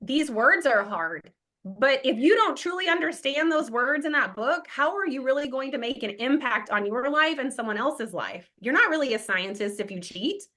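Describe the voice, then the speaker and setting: A woman's voice: sits high, animated, normal speed, few pauses, bright, forceful tone. A woman in her thirties, an exam prep instructor giving an emphatic motivational class talk and acting out quoted self-talk.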